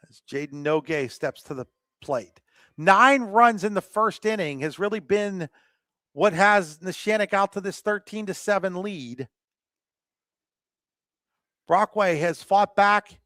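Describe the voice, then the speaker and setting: A man doing live softball play-by-play commentary, chatty between pitches and rising in excitement on the plays. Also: dry recording, studio quality.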